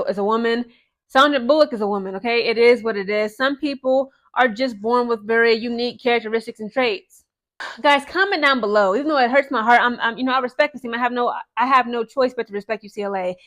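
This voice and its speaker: A young woman talking casually to her viewers about women's basketball, chatty and animated, often tossing in "okay?" and "guys" asides. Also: fairly high pitch. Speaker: sports commentary vlogger. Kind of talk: casual vlog commentary.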